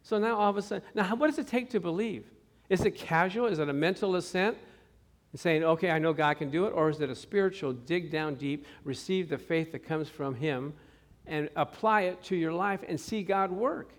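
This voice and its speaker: High, animated preaching man. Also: normal speed. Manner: animated, acts out quotes with shifting voices. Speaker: pastor. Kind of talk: informal Bible study sermon.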